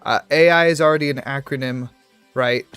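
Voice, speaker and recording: A man's voice: mid-range voice, fairly even intonation, normal speed, fairly bright tone, smooth, dry recording. Young male streamer, chatty and self-deprecating, drifting between tangents over faint music. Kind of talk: casual livestream chat while gaming.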